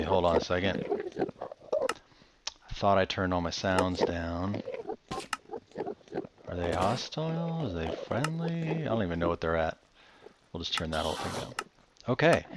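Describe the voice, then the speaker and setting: A man's voice: on the low side, highs cut off, a little hiss or hum. A man giving casual, rambling gameplay commentary, chatty and enthusiastic with laid-back slang. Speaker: Minecraft let's-play host.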